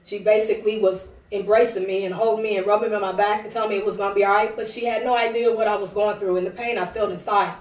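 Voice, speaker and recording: A woman's voice: medium pitch, fairly even intonation, fast talker, hardly any pauses. A woman giving a tearful personal testimony, rambling with many restarts. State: teary. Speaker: prophetess broadcasting a service. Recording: roomy, distant from the mic.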